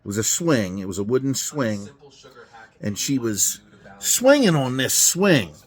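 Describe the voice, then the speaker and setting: A man's voice: medium pitch, big pitch swings, a little slow. A middle-aged man telling a story in a garage, blunt and full of swearing, acting out both sides of a conversation. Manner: profane, blunt, acts out dialogue. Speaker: truck driver telling a story. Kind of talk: casual storytelling. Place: garage during a car event.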